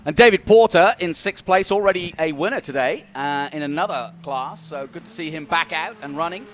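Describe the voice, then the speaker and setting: Male co-commentator, high-pitched, upbeat and bantering, with noisy track ambience. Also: a little fast, a bit bright. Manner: responsive, upbeat, banters with partner. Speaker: race co-commentator. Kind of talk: live motorsport commentary. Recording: noisy trackside with engine sound.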